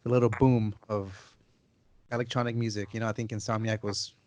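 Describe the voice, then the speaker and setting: A podcast host in his twenties asks questions in a casual interview, easygoing and enthusiastic, repeating words while he thinks. His voice is fairly low, flat in delivery, fairly quick and a little mellow. The recording is dry.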